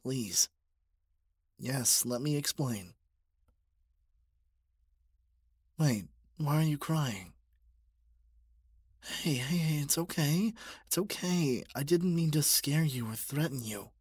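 A man voicing an obsessive young male stalker in a whispered role-play, talking softly with stammers and pleas. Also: a little high, expressive, slow, pauses often, husky, no room sound, studio quality, heavily acted. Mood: panicked, pleading. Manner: soft, stammering, pleading.

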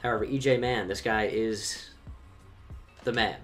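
A young man giving casual, chatty commentary while playing a football video game, reacting with quick bursts of swearing. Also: fairly low pitch, steady tone, soft background music. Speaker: gaming YouTuber.

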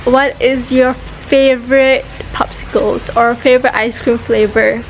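Teen girl vlogger, Malaysian English accent, giggly and chatty, slow delivery, slightly high voice. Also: steady tone. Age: late teens. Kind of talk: casual vlog talk. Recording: faint background noise.

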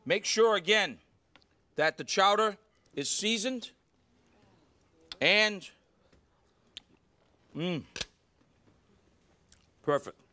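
A man's voice: sits high, expressive, extremely slow, pauses often, sharp tone. A man hosting a live cooking show in a studio kitchen, exuberant and talking straight to the audience. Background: faint studio audience.

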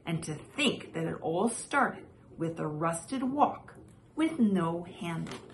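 A woman reading a children's picture book aloud in a gentle, expressive way as the regular storyteller of her show. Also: lowish voice, slow, slight background noise.

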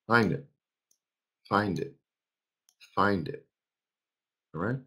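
A man's voice: fairly low pitch, drawn-out words, bright, forceful tone, husky. A man in his fifties teaching a live trading class, emphatic, repeating phrases and quizzing his audience. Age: 50s. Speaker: trading instructor.

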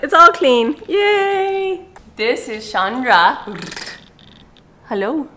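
A woman's voice: high voice, big pitch swings, drawn-out words, sharp tone, slight background noise. A woman hosting a casual vlog at an animal park, chatting bubbly to the camera and cooing and squealing at baby animals.

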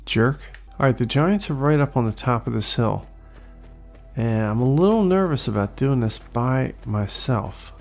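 A gravelly-voiced man gives casual, excitable commentary while he plays, cursing and taunting the enemies. Faint game music sits behind him. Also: mid-range voice, a little slow. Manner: excitable, swearing, talks to enemies. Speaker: let's play host.

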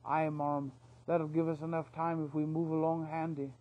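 Male reader doing a rough old-sailor otter captain, commanding, audiobook. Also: a little high, level tone, normal speed, muffled recording, lightly acted. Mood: brisk. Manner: salty sailor talk, commanding. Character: gruff male otter sea-dog captain.

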